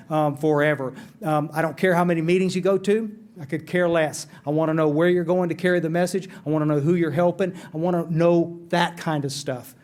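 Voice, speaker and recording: High-pitched guy, animated, tells his recovery story to the room, repeats himself a lot. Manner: animated, earnest, repeats words. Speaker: speaker at a recovery meeting.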